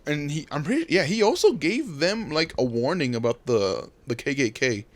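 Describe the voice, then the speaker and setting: A man's voice: on the high side, moderate pace. A young man co-hosting a podcast, talking casually and rambling with lots of fillers. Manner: rambling, many fillers, animated. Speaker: podcast co-host.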